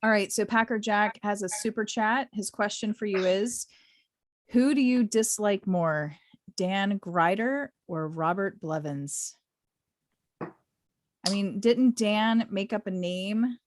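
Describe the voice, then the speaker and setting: A woman hosting a casual video chat, relaxed and playful, reading out viewer questions in a halting way. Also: medium pitch. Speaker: host.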